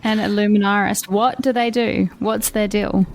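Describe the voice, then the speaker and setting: A woman playing a tabletop game, talking bluntly and sarcastically with quick laughs. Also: medium pitch, fairly even intonation, vocal fry. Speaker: player. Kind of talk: casual tabletop role-play.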